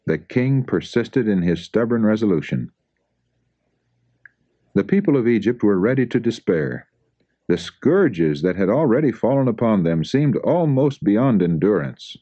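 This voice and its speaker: Man, solemn religious narration, lively rising and falling pitch, warm dark tone. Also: dry recording, muffled recording. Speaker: audiobook reader. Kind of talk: scripted narration of a religious book.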